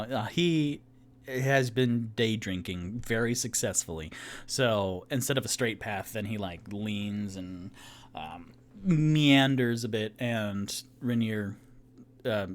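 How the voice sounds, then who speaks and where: A man's voice: lowish voice, takes it slowly. A man narrating a tabletop game as game master, rambling with many fillers and self-corrections. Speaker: game master and solo player.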